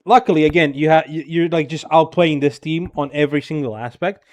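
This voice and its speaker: Male game coach, slightly high voice, exasperated and blunt, swears constantly during the gameplay breakdown. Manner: blunt, profane, exasperated critique; filler-heavy rapid talk with frequent "bro" and "right?". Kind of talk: casual gameplay review coaching.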